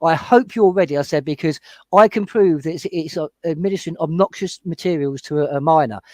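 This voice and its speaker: A man on a panel discussion, talking fast and heatedly as he retells his own run-ins in casual chat. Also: fairly high pitch, dry recording. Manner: heated, retelling confrontations with quoted exchanges. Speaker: panel guest.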